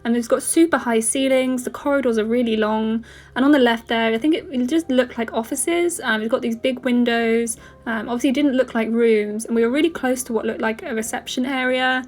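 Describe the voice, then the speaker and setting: A woman's voice: on the high side, steady tone, a little fast, a little mellow. Casual young woman narrating a walkthrough. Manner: casual, many fillers and restarts. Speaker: travel vlogger.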